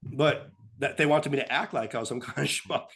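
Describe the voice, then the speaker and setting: A man's voice: mid-range voice, brisk, fairly bright tone. A man co-hosting a political talk show, speaking casually and putting on voices to make his points. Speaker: podcast co-host.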